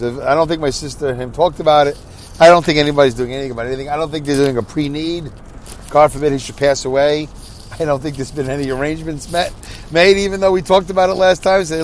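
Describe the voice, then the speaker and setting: Driving his truck, a sleepy middle-aged podcast host rambles through a casual monologue, worn out and poking fun at himself. His voice is a little high, with slight background noise behind it.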